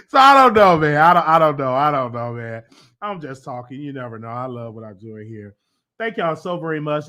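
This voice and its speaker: A man with a Southern US accent hosts a show, speaking briskly in a mid-range voice. His casual monologue rambles excitedly and swings into loud emotional outbursts.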